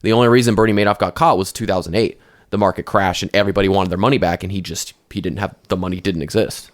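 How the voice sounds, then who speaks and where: A man with a low, steady voice talks fast as he co-hosts a podcast. It's a casual chat, and he rambles, restarting often and swearing a lot.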